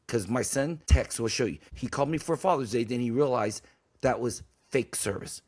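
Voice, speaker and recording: A man's voice: medium pitch, normal speed, a little mellow, husky. A man hosting a podcast in casual talk, blunt and emphatic, preaching his points and swearing freely. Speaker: podcast host.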